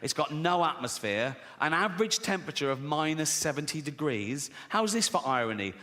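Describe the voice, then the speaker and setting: A man's voice: a little high, expressive, fairly quick, pushed and bright. A middle-aged English man doing stand-up, sardonic and mock-innocent, slipping into voices for quoted lines. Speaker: stand-up comedian. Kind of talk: stand-up comedy set. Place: large theatre stage with audience. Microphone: stage microphone. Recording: long hall reverb, audience noise.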